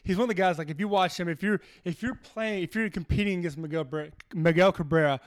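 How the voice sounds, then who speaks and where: A man in his thirties from Texas, a baseball pitcher telling stories as a guest in a casual interview, animated and swearing freely. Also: fast.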